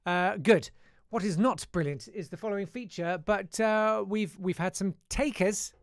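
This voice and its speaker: A man's voice: sits high, normal speed. A man hosting a casual live-stream chat show, reading out listener messages in a chatty, self-deprecating way. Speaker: host.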